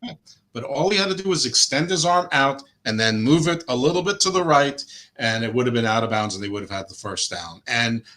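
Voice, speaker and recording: A man's voice: mid-range voice, expressive, a little fast, bright, forceful tone. A middle-aged man co-hosting a sports podcast, talking casually and with opinions, rambling with fillers and restarts. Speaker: podcast co-host.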